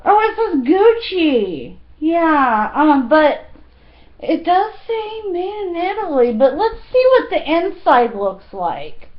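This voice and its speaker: Slow-talking chatty woman in her thirties. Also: sits high, very animated, highs cut off, a little hiss or hum. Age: 30s. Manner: chatty, giggly, lots of fillers. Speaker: fashion vlogger. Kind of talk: casual chat.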